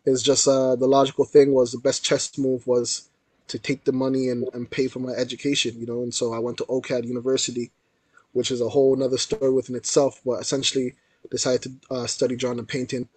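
Young man, animated storyteller, slangy, mid-pitched voice, dry close sound. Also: brisk, husky, no room sound. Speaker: guest artist. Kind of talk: casual storytelling interview.

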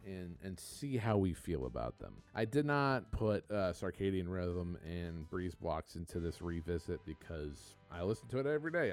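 Deep, lively-voiced man chatting casually. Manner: rambling, loose and profane, laughs easily. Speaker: podcast co-host. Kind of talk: casual chat about music.

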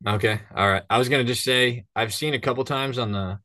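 Bright and forceful, this mid-range male voice moves a little fast over clean, echo-free studio audio. The speaker guides hunts in northern Minnesota and chats casually on a podcast, telling meandering stories and acting out the voices in them.

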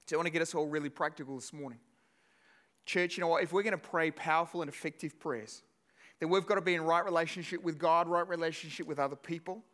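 A man preaching a sermon to his church, animated and self-deprecating, often repeating words as he works through a thought. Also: a little high, quick pace. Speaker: pastor. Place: church service.

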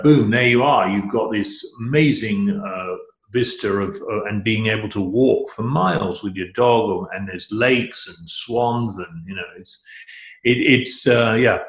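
A man's voice: fairly low pitch, unhurried. Enthusiastic rambling middle-aged man. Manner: enthusiastic, rambling, many restarts. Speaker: guest. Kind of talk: casual conversation. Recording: echoey room.

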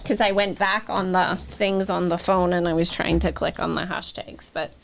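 A woman's voice: fairly low pitch, steady tone, moderate pace, vocal fry. A middle-aged woman co-hosting a podcast, chatting casually and telling stories with animation. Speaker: podcast co-host. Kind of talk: casual chat.

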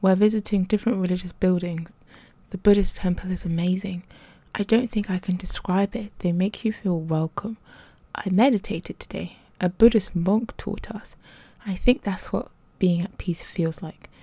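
A woman reading a story aloud softly, often half in a whisper. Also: on the low side, normal speed, husky, no echo. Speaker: narrator.

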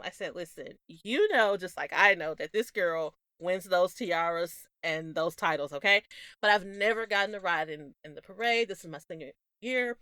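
A young adult woman co-hosting a podcast, telling stories in a casual, animated way, laughing often. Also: mid-range voice, clear, resonant tone, dry recording, studio quality. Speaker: podcast co-host. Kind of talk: casual chat.

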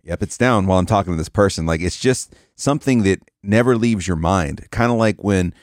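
Low-voiced male co-host, dry close mic, profane and animated storyteller. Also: fairly quick, dry recording. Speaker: podcast co-host, former radio host. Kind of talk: casual chat.

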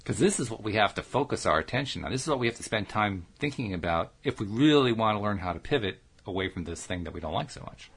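A man's voice: fairly low pitch, lively intonation, quick pace, hardly any pauses, fairly bright tone. A man co-hosting a casual talk show, asking probing coaching questions and often restarting his sentences. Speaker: podcast co-host.

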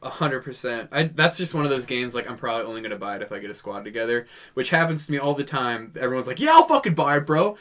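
A man's voice: mid-range voice, quick pace, hardly any pauses, pushed and bright. A man on a casual podcast, laid-back and crude in his jokes. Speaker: podcast co-host.

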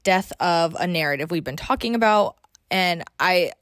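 A woman's voice: lowish voice, a little fast, no echo, studio quality. A woman hosting a personal podcast, talking through a raw emotional experience in a confessional, casual way with frequent swearing. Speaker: podcast host.

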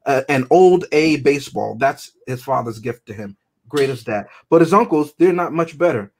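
A man co-hosting a podcast in casual chat, animated and joking with exaggerated outbursts. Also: mid-range voice, normal speed. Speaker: podcast co-host.

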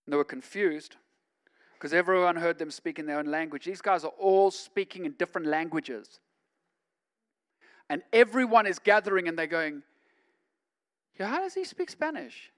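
High-voiced man preaching. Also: moderate pace, smooth. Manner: conversational, swings from quiet to loud emphatic preaching. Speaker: pastor. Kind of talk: sermon.

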